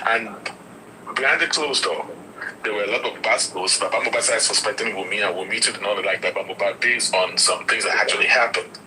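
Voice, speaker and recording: Brief: low but sharp-toned male commentator, faint noise behind. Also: low-quality recording. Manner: measured, explaining the story.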